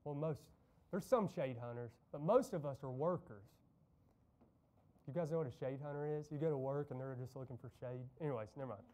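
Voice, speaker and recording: A man's voice: medium pitch, brisk, mellow. A man preaching a conversational sermon in a church, telling stories and making casual asides to the congregation. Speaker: pastor. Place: church sanctuary.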